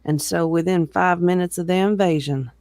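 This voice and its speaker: An expressive reader narrates a novel aloud, pausing to chuckle with friends between passages. The voice sits at a middling pitch and is recorded dry and close, with no room echo. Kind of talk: reading a novel aloud with banter.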